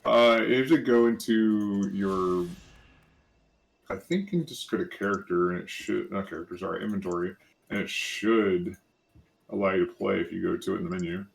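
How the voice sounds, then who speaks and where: A man's voice: sits low, normal speed, gravelly, low-quality recording. A man co-hosting a let's play with a slight lisp, chatting casually, rambling and correcting himself as he goes. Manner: rambling, self-correcting, joking. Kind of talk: casual gaming chat.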